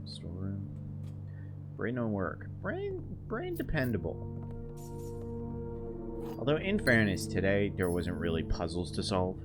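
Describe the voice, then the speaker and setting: A man's voice: deep voice, normal speed, over music. A young man streaming a game, hungover, rambling and laughing through a story. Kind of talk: casual gameplay chat.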